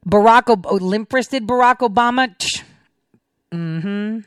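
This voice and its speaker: A woman's voice: mid-range voice, measured pace, dry recording, clean studio sound. A woman hosting a show and giving political commentary on played clips, in a sarcastic way full of rhetorical questions. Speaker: podcast host.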